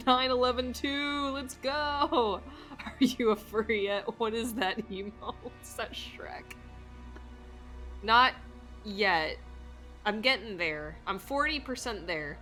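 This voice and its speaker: Joking woman streamer with a bright voice. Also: on the high side, lively intonation, slow pace, soft background music. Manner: joking, laughing asides. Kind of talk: live game commentary.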